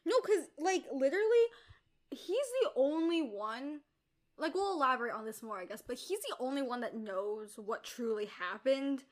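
Opinionated young woman, high voice. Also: lively intonation, moderate pace. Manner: opinionated, filler-heavy. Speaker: book discussion co-host. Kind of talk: casual chat.

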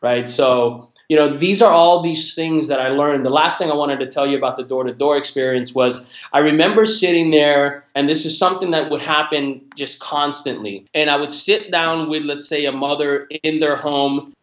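A man sharing stories from his sales career in an animated, conversational way, acting out customers as he goes. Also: a little high, moderate pace, few pauses. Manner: animated, acts out quoted customers in raised voice. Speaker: guest sharing sales experience. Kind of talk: conversational storytelling. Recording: roomy echo.

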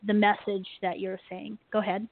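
A woman hosting an interview, framing her question quickly and carefully over a remote call. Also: mid-range voice, level tone, vocal fry. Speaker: host. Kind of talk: casual interview chat. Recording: tinny phone-like line, dry.

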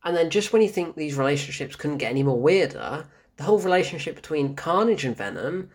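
A man's voice: fairly high pitch, animated, brisk, slightly rough. A man giving a casual spoken film review, ranting in exasperation, swearing often and laughing in disbelief.

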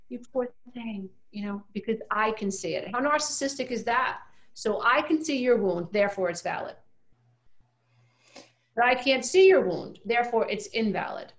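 A woman's voice: mid-range voice, gravelly. Earnest emphatic woman guest. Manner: earnest, emphatic, repeats phrases. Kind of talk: casual interview talk.

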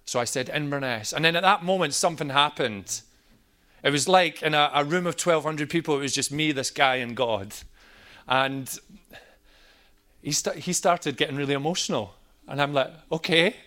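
A man in the pulpit, sharing his testimony with a bright, forward voice. He tells the story casually and lifts into livelier quoted moments. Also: on the high side, normal speed. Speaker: pastor. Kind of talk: personal testimony talk.

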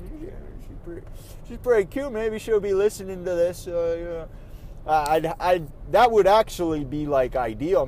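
A man's voice: fairly high pitch, darkish tone, a little hiss or hum. Rambling man talking while driving. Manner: rambling, self-interrupting, repeats words. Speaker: podcast host. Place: in a car on city roads.

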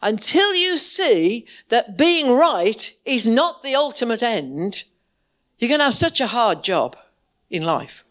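A woman's voice: a little high, big pitch swings, slow, a bit bright. A woman preacher delivering a sermon in a church, impassioned and emphatic, with repeated words for weight.

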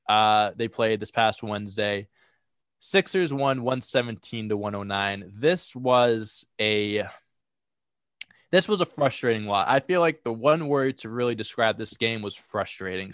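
A man's voice: lowish voice, fairly bright tone, smooth, dry recording, clean studio sound. A young man hosting a casual sports podcast, sounding a bit congested from a cold and talking energetically with lots of fillers and restarts. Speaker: podcast host.

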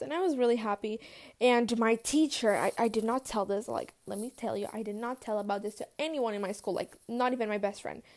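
A teenage girl telling casual storytime anecdotes, chatty and quick to swear and laugh, with lots of "like". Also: a little high, darkish tone. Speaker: vlogger.

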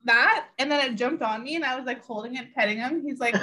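A woman's voice: a little high, brisk. A woman co-hosting a podcast, telling stories casually and reading a closing message. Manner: storytelling, animated quoting. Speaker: podcast co-host. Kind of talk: casual chat and scripted sign-off.

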